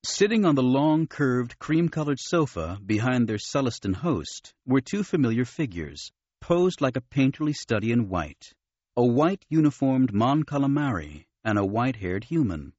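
A man reading an audiobook in an expressive narrating style. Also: medium pitch, moderate pace, no room sound, highs cut off. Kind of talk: scripted narration.

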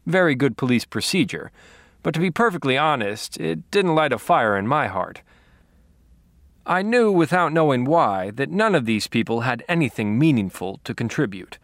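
Wry, deadpan male audiobook narrator. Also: mid-range voice, dry recording. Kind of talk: first-person audiobook narration.

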